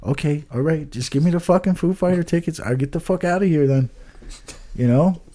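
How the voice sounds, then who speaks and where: A man's voice: fairly high pitch, a little fast, mellow. A man chatting casually on a podcast, rambling, swearing often and trailing off with "I don't know.". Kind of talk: casual chat.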